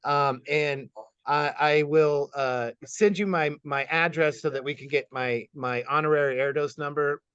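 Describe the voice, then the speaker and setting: Excitable guy hosting a quick q&a, lots of laughing and repeating himself, kinda dry muffled sound. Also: on the high side, clean tone, no room sound. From Kansas City, United States. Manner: upbeat, laughs often, stammers and repeats words. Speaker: host and geometry teacher. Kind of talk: lightning-round interview questions. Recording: dull, slightly muffled sound.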